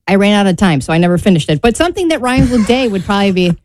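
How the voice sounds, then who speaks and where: A woman's voice: medium pitch, very animated, very fast, darkish tone. A woman co-hosting a radio show, chatty and lighthearted in casual talk. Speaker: radio co-host. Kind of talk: casual chat.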